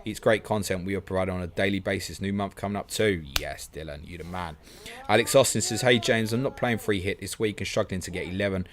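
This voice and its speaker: A man hosting a live stream, reading out viewer questions and answering them in quick, chatty bursts. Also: low-pitched. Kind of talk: fast casual live-stream Q&A.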